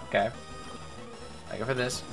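A man's voice: normal speed, over music. A man giving casual gameplay commentary, thinking aloud, repeating himself and talking to his game characters. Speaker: gaming YouTuber.

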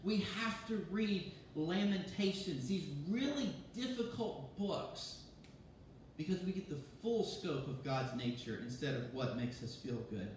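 A man, a pastor, giving a sermon in a lively, conversational way, often restarting his sentences. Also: sits high, measured pace, a little hiss or hum. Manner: animated, conversational preaching with restarts. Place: church sanctuary. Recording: very echoey church from far off.

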